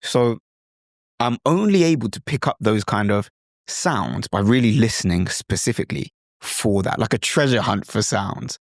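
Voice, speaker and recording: Speaking with a British accent, this language-coach podcast host has a fairly low pitch, lively intonation and a moderate pace. The studio-quality recording is dry, and his instructional explanations are enthusiastic, often breaking into impressions of other accents.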